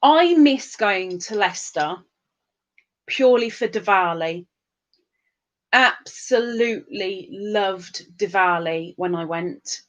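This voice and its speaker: An English woman hosts a livestream, slowly and casually reading out and greeting viewers' comments. Her medium-pitched voice has lively intonation, and she sounds sing-song and giggly.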